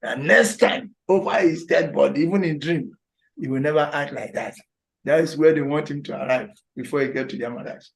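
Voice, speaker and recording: A man teaching a scripture class online, animated, repeating words and acting out scolding voices. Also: fairly high pitch, brisk, vocal fry.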